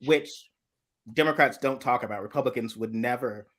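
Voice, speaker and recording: A man co-hosting a political live chat, animated and chatty. He slips into quoted voices and laughs through his own stories. His voice sits at an ordinary middle pitch. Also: normal speed. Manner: animated storyteller, acts out quoted voices, laughs mid-sentence.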